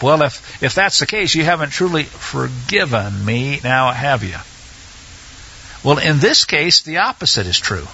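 A man teaching a Bible study in a conversational way, often pausing with fillers and restarting his sentences. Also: mid-range voice, sing-song, gravelly, sharp tone, muffled recording, slight background noise.

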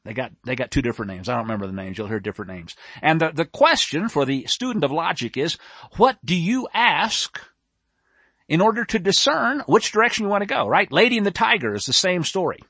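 Animated, high-voiced male preacher. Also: brisk, breathy edge, dry recording. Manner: animated, emphatic, self-described nerdy. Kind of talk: sermon.

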